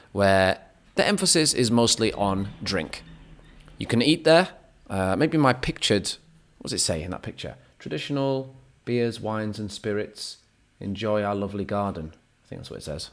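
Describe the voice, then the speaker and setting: A man chatting casually as a teacher to his viewers, rambling, correcting himself and making joking asides. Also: fairly low pitch. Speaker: English teacher. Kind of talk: casual chat.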